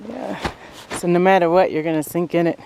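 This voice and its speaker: A vlogger trudges up a snowy slope, breathless and frequently laughing, giving viewers a chatty walk-and-talk tour of their land. Their medium-pitched, creaky voice moves fairly quickly with fairly even intonation, over a noisy background.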